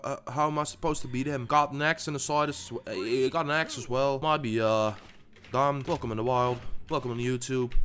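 A man commentating his own gameplay for his channel, jumping between loud outbursts and low muttering, often repeating himself. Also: slight background noise. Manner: swears, stammers and repeats himself. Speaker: gaming YouTuber.

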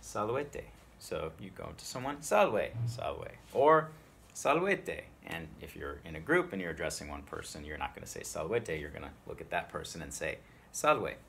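Low-voiced man teaching spoken Latin. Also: creaky, fairly bright tone, slight background noise. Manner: explanatory, repeats phrases slowly for learners. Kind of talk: spoken language tutorial.

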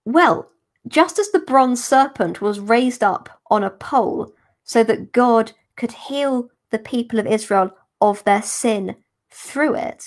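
A woman, a religious sister, explaining a gospel passage in a careful, unhurried teaching manner for a podcast. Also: a little high, expressive. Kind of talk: podcast scripture commentary.

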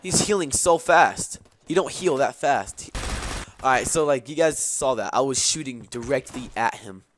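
A man's voice: mid-range voice, animated, moderate pace, background noise. A young man casually telling a rambling story, with lots of swearing and fillers, while playing a shooter game. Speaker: gaming video host. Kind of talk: casual gameplay commentary and storytelling. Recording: gameplay gunfire and clicks behind the voice.

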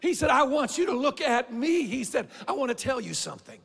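Preacher guy, really high bright voice, gravelly, big church echo. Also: very animated, brisk. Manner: fervent preaching, swings between shouting and quiet. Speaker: pastor. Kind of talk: sermon. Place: church sanctuary.

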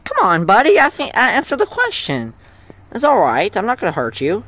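Homemade cartoon voice acting, very lively pitch, bright tone, slow delivery. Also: slight background noise. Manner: playful, switching between many character voices. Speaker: narrator and voice actor for all characters.

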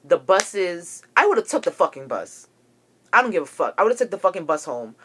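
A young woman with a somewhat low-pitched voice rants straight to her camera. She is agitated and swears freely as she tells her story. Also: very animated, normal speed, a bit bright, slightly rough. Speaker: vlogger. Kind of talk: ranting to camera.

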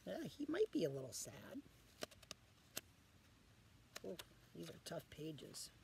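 A man reading a picture book aloud to children as a guest reader, pausing often to ask the children questions. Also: on the high side, huge pitch swings, gravelly, background noise.

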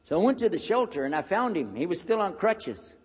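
An American man in his sixties telling a personal story as a preacher, animated and acting out the conversations he recalls. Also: high-pitched, fairly quick, slightly rough. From United States. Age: 60s. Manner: animated storyteller who acts out the dialogue. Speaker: preacher giving a lecture. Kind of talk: storytelling lecture. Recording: dull lo-fi recording in a reverberant hall.

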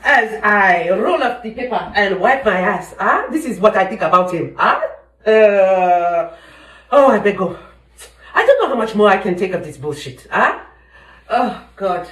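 A woman plays a loud, crude mother, ranting and exclaiming at her daughter. Her voice rises and falls with lively swings. It sounds recorded in an echoey room, a little away from the mic. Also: medium pitch, a little slow, recorded from a distance. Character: loud bawdy middle-aged mother on the toilet. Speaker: comedic mother character. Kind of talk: comedy sketch acting.

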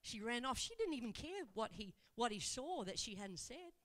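A woman evangelist preaching in a church, telling the story in an animated way and asking rhetorical questions. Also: on the high side, moderate pace. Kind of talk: sermon.

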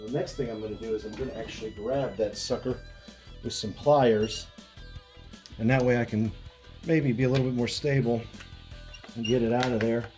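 A man hosting a hands-on repair walkthrough, explaining each step in a relaxed way with frequent fillers and restarts. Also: mid-range voice, normal speed, pauses often, soft background music. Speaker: retro electronics repair host.

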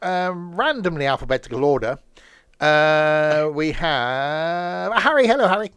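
A man's voice: fairly high pitch, lively intonation, unhurried, a bit bright, clear, resonant tone, no echo, studio quality. A man hosting a casual live stream, rambling and joking and losing his thread. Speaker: streamer host.

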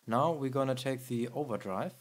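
A man hosting a music production tutorial, explaining in a halting way with many fillers. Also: mid-range voice.

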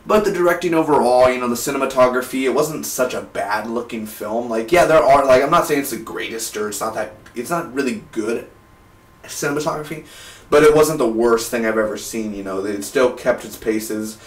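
A man's voice: mid-range voice, fairly quick. Rambling young man reviewing films. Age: 20s. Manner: rambling, restarts sentences, enthusiastic. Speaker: film reviewer. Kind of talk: casual vlog review. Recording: roomy, distant from the mic.

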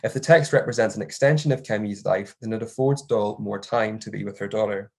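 A young man who is a doctoral researcher reads an academic paper aloud, measured and formal, saying each quotation mark out loud. His voice sits on the low side with a breathy edge.

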